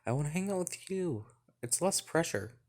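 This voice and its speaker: A man voicing a playful, teasing young woman friend in a game, his voice lifted a little higher than his own. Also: expressive, moderate pace.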